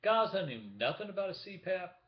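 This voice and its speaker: A man's voice: sits high, expressive, a little fast. A man talking casually to the camera in a vlog, chatty, showing things to the viewer. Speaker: vlogger. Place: room at home with window open. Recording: echoey room, dull lo-fi sound.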